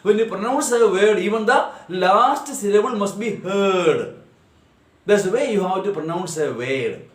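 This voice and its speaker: A man teaching a grammar lesson on syllables, repeating words slowly and drilling their pronunciation. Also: fairly high pitch, reverberant. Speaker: English teacher.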